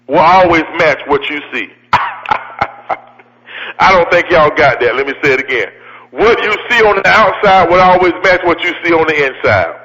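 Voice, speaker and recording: A man's voice: on the high side, pushed and bright, a little hiss or hum. A man giving a fiery motivational speech with a preacher-like cadence, repeating his lines and calling out to the crowd. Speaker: motivational speaker. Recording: long hall reverb.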